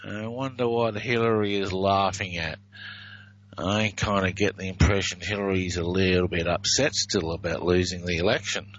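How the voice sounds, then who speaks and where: A man with an Australian accent hosting a video, reading phrases aloud in a drawn-out, wry way. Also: low voice, fairly even intonation, fairly bright tone, dull audio. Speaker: video host. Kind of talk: casual commentary over played clips.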